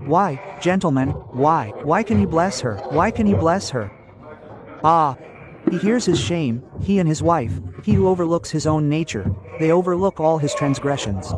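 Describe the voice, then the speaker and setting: Guy preaching and telling jokes, calls everyone gentlemen, audience noise behind him. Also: a little high. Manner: animated storytelling, addresses listeners as gentlemen. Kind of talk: sermon with jokes to a crowd.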